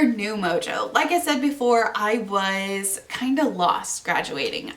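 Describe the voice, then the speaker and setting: A woman's voice: mid-range voice, a bit bright, recorded from a distance. A woman in her twenties hosting her own podcast, chatting casually and bubbly with plenty of fillers. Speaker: podcast host. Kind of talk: casual solo podcast chat.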